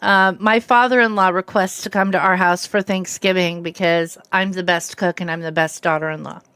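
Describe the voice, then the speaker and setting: A woman's voice: fairly low pitch, fairly even intonation, moderate pace, a bit bright, clean tone, no room sound. Chatty fifties woman with a faint Southern twang. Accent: slight Southern American. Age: 50s. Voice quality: hard of hearing. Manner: chatty, rambling, laughs easily, greets viewers by name. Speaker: livestream host. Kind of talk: casual chat with viewers while streaming a game.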